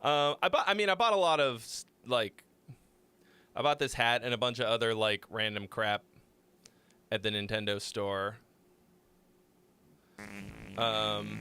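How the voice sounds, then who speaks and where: A man's voice: medium pitch, expressive, unhurried, vocal fry, pauses often, pushed and bright, smooth, dry recording. A young man hosting a live music-critique stream, chatting loosely, rambling and swearing freely. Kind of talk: casual live-stream chat.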